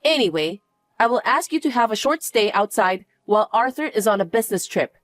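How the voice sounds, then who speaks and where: A woman's voice: on the high side, expressive, brisk, no echo, faint music behind, close to an everyday voice. A woman voicing a harsh young daughter-in-law, scornful and impatient, in a narrated family drama.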